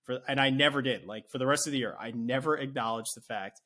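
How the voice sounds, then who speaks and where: A man's voice: medium pitch, fast talker, pushed and bright. A man hosting a casual interview podcast, friendly and anecdotal, often laughing as he talks. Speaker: podcast host, teacher.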